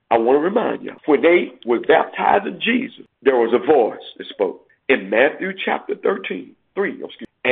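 A man's voice: medium pitch, gravelly, husky. A man preaching a sermon, quoting scripture and climbing in emphatic bursts. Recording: tinny phone-like sound.

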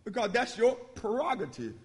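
A man with a high voice preaches with emphatic call-and-response, jumping from loud declarations to quiet, confiding asides. His voice rings out in a church sanctuary with a long, trailing reverb. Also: sing-song, moderate pace. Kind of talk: sermon.

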